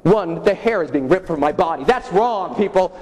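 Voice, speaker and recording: A man's voice: high voice, normal speed. A young adult man, a motivational speaker, telling a comic story on stage and acting out screams and dialogue. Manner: animated, acts out screams and dialogue. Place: large hall with audience. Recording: echoey hall, faint noise.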